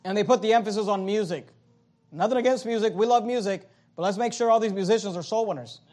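A man with a very high voice delivers a sermon from the pulpit of a church auditorium. He preaches emphatically, repeats his phrases in runs, and swings between loud, pressing lines and quiet ones. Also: fast. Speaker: pastor.

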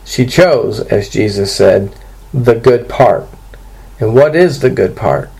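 A man preaching an expository sermon to his congregation, earnest and steady, walking through scripture verse by verse. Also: fairly low pitch, takes it slowly, vocal fry, breathy edge, rough recording. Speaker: pastor.

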